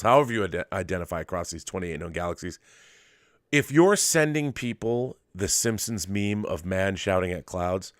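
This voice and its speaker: A man's voice: lowish voice, a bit bright, dry recording. A middle-aged man hosting a late-night casual monologue from his home studio, rambling and restarting his sentences. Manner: rambling, restarts often, drops to a murmur with his dog. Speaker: host.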